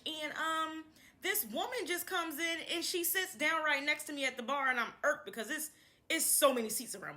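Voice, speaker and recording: A young woman with a high voice chats casually to the camera as she introduces her channel. She's animated, laughs often, and repeats herself.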